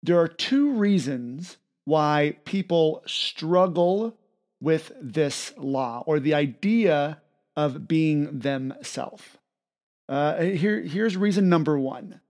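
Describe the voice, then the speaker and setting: A man hosting a self-help podcast, talking casually and retelling a children's story with animated energy. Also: on the high side. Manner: upbeat, animated storytelling with quick bursts. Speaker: podcast host.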